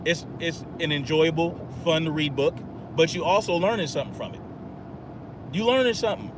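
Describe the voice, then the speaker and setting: A man's voice: fairly high pitch, fairly quick, noisy background. A man hosting a podcast in an agitated, profane, rambling monologue. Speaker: podcast host. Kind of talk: ranting monologue.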